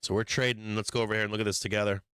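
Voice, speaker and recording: A man's voice: fairly low pitch, little pitch movement, racing, background noise. A man hosting a live stock market stream who is losing his voice, reading headlines aloud and talking bluntly with lots of profanity. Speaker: stock market livestream host. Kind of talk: casual market commentary with profanity.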